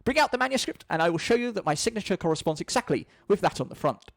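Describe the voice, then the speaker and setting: A man's voice: high voice, lively intonation, fast talker, no room sound. A man reading a screenplay aloud, voicing a pompous, proud old male lexicographer who speaks grandly and indignantly. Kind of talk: screenplay read-through.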